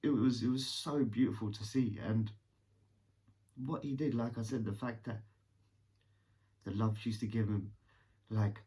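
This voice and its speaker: A man's voice: fairly low pitch, steady tone, measured pace, pauses often, dark tone, distant mic. A man tells a personal story in a candid, rambling way and swears casually.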